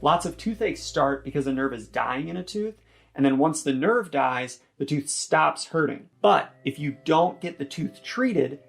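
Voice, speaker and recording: A man giving casual toothache advice in a relaxed vlog, mixing jokes with reassurance. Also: on the high side, gravelly. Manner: joking, reassuring, chatty.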